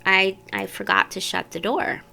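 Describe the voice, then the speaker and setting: A woman's voice: medium pitch, level tone, moderate pace, gravelly, bright, forceful tone. A woman vlogger telling personal childhood stories to camera in a candid, meandering way. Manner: candid, meandering, self-interrupting.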